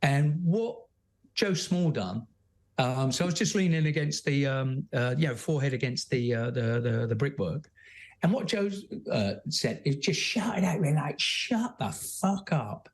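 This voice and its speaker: A man's voice: mid-range voice, animated, moderate pace. Blunt rambling man in his sixties. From London, England. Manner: rambling, many fillers and restarts, blunt and profane. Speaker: guest, former soldier and author. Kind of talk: candid conversational storytelling.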